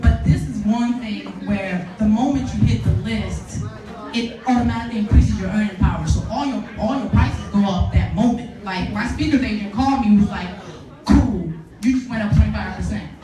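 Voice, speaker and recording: A woman guest author telling stories in animated fashion on a live podcast, acting out quotes with laughter. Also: mid-range voice, moderate pace. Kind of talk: live podcast interview storytelling. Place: live podcast event before an audience. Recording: roomy venue, distant mic, music behind.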